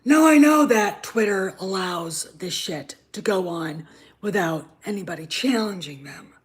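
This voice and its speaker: A woman hosting her own show, ranting in anger, swearing freely, stammering and repeating herself, dropping from shouts to muttered asides. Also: mid-range voice, lively intonation, measured pace. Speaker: show host. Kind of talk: angry ranting commentary.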